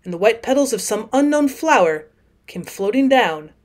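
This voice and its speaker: A woman's voice: fairly high pitch, animated, normal speed. Woman reading a classic story aloud. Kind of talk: audiobook narration.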